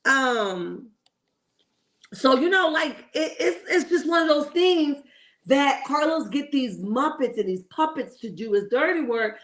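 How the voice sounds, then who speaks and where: A woman's voice: sits high, expressive, unhurried. A woman hosting a casual reality TV commentary livestream, opinionated and chatty, greeting viewers in the chat and checking in with "okay?".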